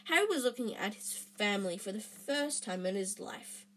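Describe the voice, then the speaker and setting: A woman reads a storybook aloud in a husky, breathy voice. She stumbles often, backing up over her words and filling gaps with hesitations. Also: medium pitch, animated, moderate pace. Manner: frequent restarts and fillers. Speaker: reader.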